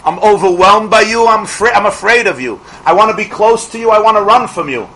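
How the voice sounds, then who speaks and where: A middle-aged man teaching a Torah class as a rabbi, asking rhetorical questions and restarting his phrases quickly. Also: sits high, bright, forceful tone, rough recording.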